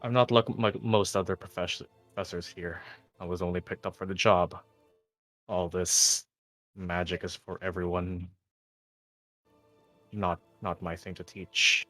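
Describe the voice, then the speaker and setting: Man playing gruff female healer in a tabletop game, curt, disapproving, very low voice, faint music behind. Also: level tone, measured pace, long pauses, fairly bright tone. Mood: stern. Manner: curt, disapproving, matter-of-fact.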